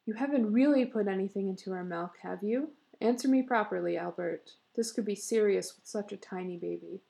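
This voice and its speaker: A woman reading a story plays a protective young mother, alarmed and insistent. She scolds in a raised, urgent storybook voice that carries a faint rasp. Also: mid-range voice, a little fast, warm tone, natural voice. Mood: worried. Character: anxious wife and mother, sharp and protective.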